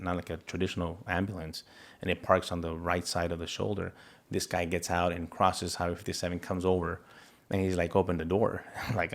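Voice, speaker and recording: A man giving an interview, earnestly retelling a frightening event with halting restarts and quoted dialogue. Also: sits low. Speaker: interview guest, federal agent. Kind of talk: personal account in an interview.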